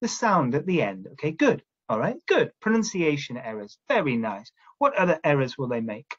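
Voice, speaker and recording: A man's voice: fairly high pitch, very animated, moderate pace, a bit bright, slightly rough, dull audio. A man training teachers, explaining classroom steps and checking in often with "all right?". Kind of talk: instructional talk to teachers.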